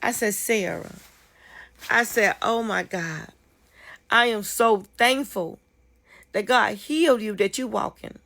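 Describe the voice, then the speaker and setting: A woman telling a dream testimony casually, fervent and repetitive, climbing high when she rejoices. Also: measured pace, creaky, pauses often, fairly bright tone. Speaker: storyteller sharing a dream testimony.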